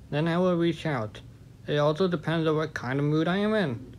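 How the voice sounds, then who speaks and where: A man talking casually to camera in a vlog, speaking frankly and openly with little chatty asides. His voice sits a touch high for a man. A faint hiss runs underneath. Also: rough recording. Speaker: vlogger.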